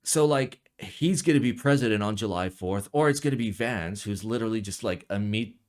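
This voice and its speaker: The young keyboard reviewer talks a little fast with lively intonation, ranting casually in his vlog. He's profane and rambling, sounds jet lagged, and veers between mumbling low and erupting loudly.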